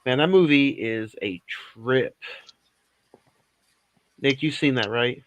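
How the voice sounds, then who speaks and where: Relaxed rambling podcast host, man. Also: mid-range voice, slow, no echo, muffled recording. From Oklahoma area, USA. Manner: relaxed, rambling, lots of fillers. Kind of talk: casual podcast chat.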